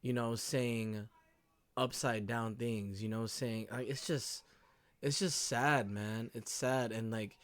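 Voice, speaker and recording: A man's voice: mid-range voice, no echo. A man hosting a reaction video, talking casually with lots of slang, emotional and sympathetic. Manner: slangy, says bro and dog a lot, emotional.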